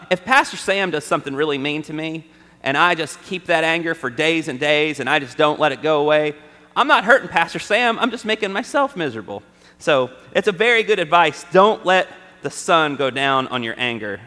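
A man's voice: on the high side, animated, moderate pace, pushed and bright. A man preaching a conversational sermon to a congregation, often checking in with his listeners with "right?". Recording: long hall reverb.

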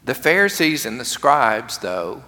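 A man preaching a lively, conversational sermon to his congregation, acting out quotes along the way. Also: mid-range voice, measured pace. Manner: animated, conversational, acts out quotes. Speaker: pastor. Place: church sanctuary. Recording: long reverb of a large church hall.

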